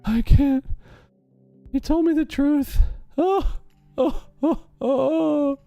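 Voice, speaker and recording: A man puts on a middle-aged troll who sobs and wails about his broken heart, the voice pushed far higher than his own. The tone stays mellow and self-pitying, with faint music underneath. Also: steady tone, extremely slow, vocal fry, no echo, dull audio, exaggerated voice. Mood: whiny sobbing. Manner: sobbing, wailing and self-pitying.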